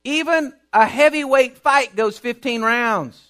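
A middle-aged man, preaching a sermon with emphatic repetition that climbs into shouting. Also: very high voice, unhurried, clean tone.

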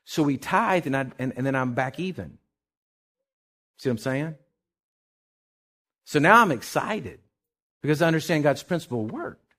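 A middle-aged pastor preaching a sermon, telling a personal story with acted-out quotes and sudden shouts. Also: male voice, on the high side, expressive, moderate pace, long pauses.

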